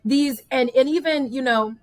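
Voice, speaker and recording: A woman hosting a podcast interview, talking in a thoughtful, measured way. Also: high-pitched, a little hiss or hum. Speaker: podcast host. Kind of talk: casual interview talk.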